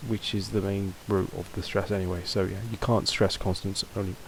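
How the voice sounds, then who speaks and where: A man's voice: low-pitched, little pitch movement, a little fast, slight background noise, poor audio. A man teaching a casual video lesson, talking loosely with fillers and restarts. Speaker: language teacher.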